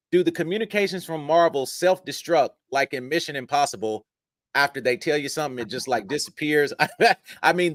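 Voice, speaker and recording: A man's voice: a little high, no echo, studio quality. A man hosting a podcast interview, enthusiastic and admiring toward his guest. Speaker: podcast host.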